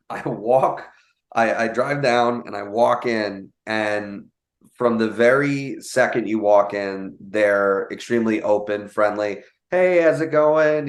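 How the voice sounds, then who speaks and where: A young man telling a casual story, animated, with many fillers and quoted voices. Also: lowish voice, roomy sound. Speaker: guest telling a sales story.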